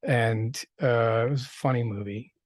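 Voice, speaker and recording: A man's voice: mid-range voice, a little slow, a little mellow, no room sound, studio quality. A man, a film director, telling stories in a casual interview, rambling with many restarts and fillers. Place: interview set.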